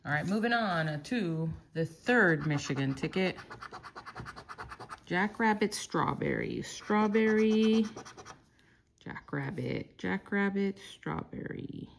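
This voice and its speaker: A woman from Texas calmly murmuring through lottery scratch-off tickets, slowly listing each symbol as she checks. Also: lowish voice, creaky, a little hiss or hum. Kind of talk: calm scratch-off play-by-play.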